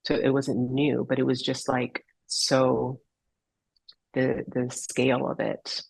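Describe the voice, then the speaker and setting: A woman's voice: very deep voice, monotone, slow, vocal fry, a little mellow, slightly rough, no echo, rough recording. A woman guest on a podcast, telling a heartfelt personal story in an earnest, reflective way and sometimes searching for her words. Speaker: podcast guest, holistic healer.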